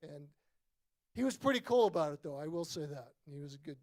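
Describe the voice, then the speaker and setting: A man in his sixties, a former ballplayer and guest at a book event, telling a story in a casual, animated way and acting out the voices in his quotes. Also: a little high, a little fast. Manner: animated anecdote teller, acts out voices in quotes. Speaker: former baseball player, guest.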